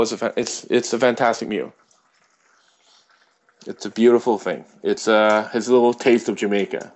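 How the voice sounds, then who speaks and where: A man telling a rambling, animated anecdote in casual chat, full of fillers and restarts. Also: mid-range voice.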